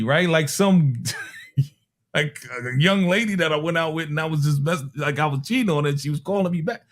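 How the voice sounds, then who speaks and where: Animated storytelling man from Harlem. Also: fairly high pitch, brisk. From Harlem, New York. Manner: animated, acts out other people's voices with slang. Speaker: music producer telling a story. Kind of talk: casual storytelling.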